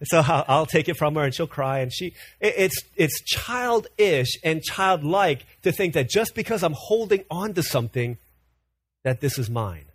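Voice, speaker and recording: A man's voice: a little high, animated, a little fast, slightly rough, no room sound. A man in his thirties, a pastor preaching an earnest, conversational sermon full of personal stories.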